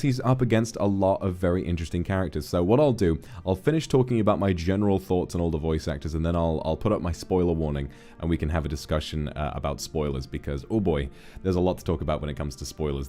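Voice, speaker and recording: A man hosting a livestream, giving a casual film review in an animated, rambling way, often correcting himself mid-sentence. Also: very deep voice, fast, soft background music. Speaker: streamer host.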